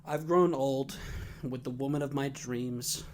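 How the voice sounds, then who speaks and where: A man hosting a comedy podcast, telling crude stories loudly with deadpan punchlines. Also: mid-range voice, measured pace, slight background noise. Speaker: podcast host. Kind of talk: comedic casual chat and storytelling.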